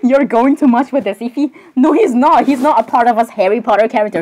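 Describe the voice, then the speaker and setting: High-voiced woman doing a rambling solo skit. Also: a little fast, darkish tone, rough recording. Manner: hesitant, apologetic and giggly, with many restarts. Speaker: solo skit performer voicing many characters. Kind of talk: improvised comedic character skit.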